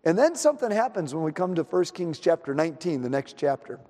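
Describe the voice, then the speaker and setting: A male pastor preaching a sermon, telling the story in an animated way and acting out the scenes. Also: fairly high pitch, quick pace, in a large hall.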